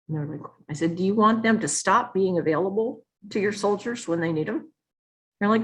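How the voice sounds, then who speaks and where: A woman's voice: lowish voice, normal speed. An older woman, a retired army nurse general, telling candid stories in a virtual talk over a video call, acting out the exchanges she quotes. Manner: lively, frank storyteller acting out quoted exchanges.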